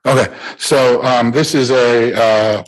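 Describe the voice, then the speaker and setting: A man, an attorney, explaining a legal case to a judge step by step, speaking fast over a video call. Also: medium pitch, fairly even intonation, poor audio. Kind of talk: courtroom argument.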